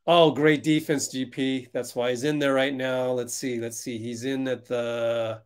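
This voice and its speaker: A man hosting a fan livestream, reacting loudly to a basketball game as it plays and answering viewers in chat. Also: mid-range voice, flat delivery, a little slow, smooth. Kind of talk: live basketball watch-along commentary.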